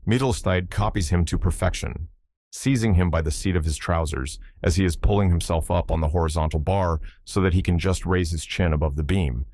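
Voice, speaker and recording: A man narrates a novel in the first person with a measured, somber reading. His voice sits very low, and the recording is dry and close. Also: darkish tone, dry recording. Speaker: audiobook narrator.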